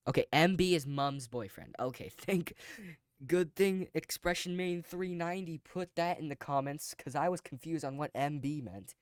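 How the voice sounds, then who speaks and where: A man's voice: a little high, normal speed, smooth, no room sound, studio quality. A man hosting a casual reaction video, reading posts aloud and commenting off the cuff with chuckles.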